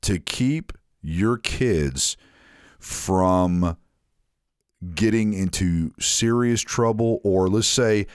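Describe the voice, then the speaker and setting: A man with a very deep voice tells a story on a podcast, talking casually and often restarting his sentences. The recording is close and dry, with no room sound. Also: very slow, clean tone, dry recording. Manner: rambling storyteller with many restarts and fillers. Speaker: podcast host.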